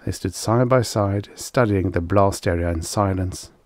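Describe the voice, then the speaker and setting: A man narrating a vintage science fiction short story in a steady, measured way. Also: deep voice, no echo, clean studio sound. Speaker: audiobook narrator. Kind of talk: vintage sci-fi audiobook narration.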